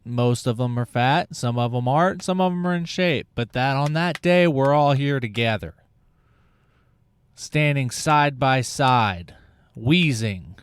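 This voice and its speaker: Slow-talking sarcastic male podcast host. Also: mid-range voice, animated, clean tone, no echo. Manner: sarcastic, rambling, swears. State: out of breath. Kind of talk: casual comedic monologue.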